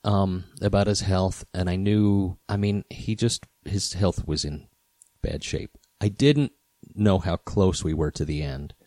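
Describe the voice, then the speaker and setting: A man hosting a podcast, telling a story in a relaxed, rambling way with many fillers. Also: low-pitched, unhurried, no room sound. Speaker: podcast host, guitar repair specialist. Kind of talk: casual storytelling.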